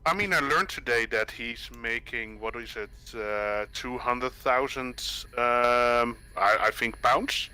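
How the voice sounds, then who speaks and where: A man's voice: medium pitch, takes it slowly, few pauses, pushed and bright, clear, resonant tone, rough recording. A man chatting as a caller on a live stream, joking in a dry, matter-of-fact way. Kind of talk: casual chat. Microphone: voice chat call.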